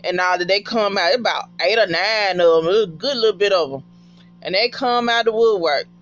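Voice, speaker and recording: A woman talks through a TV episode in a loose, casual recap. She is animated and profane and keeps talking back to the characters. The recording sounds dull and lo-fi. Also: medium pitch, moderate pace.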